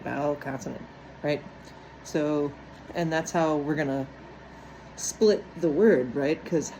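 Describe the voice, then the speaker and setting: Against a noisy background, a woman teacher with a low-pitched voice walks step by step through a phonics lesson on breaking words into syllables, frequently checking in with "right?".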